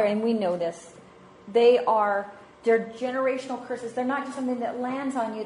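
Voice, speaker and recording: A woman's voice: fairly high pitch, darkish tone, a little hiss or hum. A woman in her thirties, a mother of five, giving a chatty, self-mocking talk on parenting and faith to a church group, laughing often. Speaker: speaker at a parenting session.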